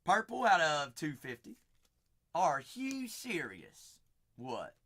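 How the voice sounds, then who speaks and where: Hosting a live card break, this high-voiced man speaks slowly, his pitch swooping wildly. He calls out buyers' names with sing-song, playful chatter and abrupt loud outbursts.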